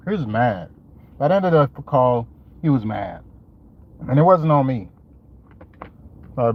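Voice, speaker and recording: A man's voice: medium pitch, lively intonation, unhurried, pauses often, highs cut off. A man who runs a lawn care business, talking casually and joking to camera in a slangy, laid-back way. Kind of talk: casual vlog talk to camera.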